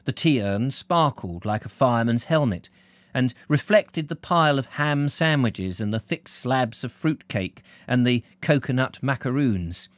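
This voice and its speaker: British guy reading a novel live, bouncy expressive voice, dry close mic, chats with viewers. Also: mid-range voice, unhurried, no echo. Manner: storyteller, reads out viewer comments warmly. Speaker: reader and live-stream host.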